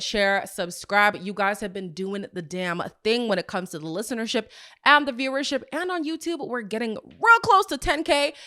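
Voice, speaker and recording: A woman's voice: a little high, smooth. A woman hosting a podcast, recapping a reality show in a sassy, exasperated, chatty way. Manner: animated, sassy, exasperated asides. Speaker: podcast host. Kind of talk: casual recap commentary.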